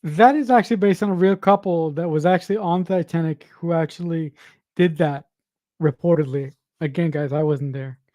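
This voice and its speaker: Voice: mid-range voice, normal speed, warm tone, no room sound, studio quality. A watch-along host reacting to a film with emotion, sighing and swearing while talking to viewers. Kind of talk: live reaction commentary.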